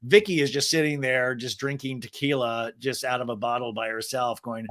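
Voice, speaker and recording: A man hosting a podcast, recapping reality TV in an animated, profane, rambling way. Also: medium pitch, moderate pace. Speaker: podcast host.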